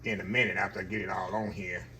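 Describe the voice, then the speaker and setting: A folksy Southern man talks his viewers through a home cooking vlog in a very bright, forward voice. He chats easily and keeps calling out to everyone as y'all. A faint hiss of noise sits under the recording. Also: low voice, little pitch movement, quick pace. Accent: Southern American. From Southern United States. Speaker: cooking vlogger. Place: home kitchen.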